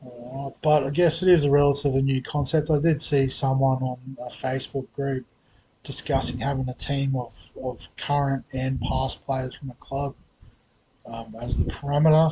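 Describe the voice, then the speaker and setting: A man's voice: medium pitch, steady tone, normal speed, mellow, slight background noise, low-quality recording. A man with an Australian accent hosting a fantasy sports vlog, talking casually with lots of hesitations, fillers and restarts. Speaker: fantasy sports channel host.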